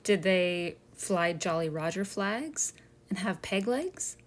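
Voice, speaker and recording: A woman's voice: fairly low pitch, expressive, slow pace. A woman museum educator, narrating a children's history lesson and asking her listeners friendly questions.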